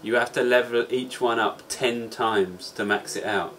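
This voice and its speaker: A British man co-hosting a casual gaming podcast, with a dry, deadpan humour. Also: mid-range voice, unhurried, poor audio. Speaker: podcast co-host.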